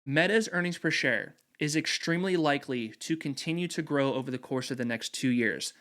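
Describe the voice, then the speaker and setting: A man in his thirties with a somewhat high voice, walking viewers through his brokerage trades in an animated, persuasive way. He talks like a host explaining his system step by step. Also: fairly quick. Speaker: investing video host. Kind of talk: screen-share explainer.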